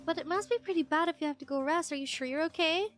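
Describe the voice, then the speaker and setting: A woman's voice: very high voice, quick pace, faint music behind. Woman reading a peppy caring teen girl. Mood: concerned.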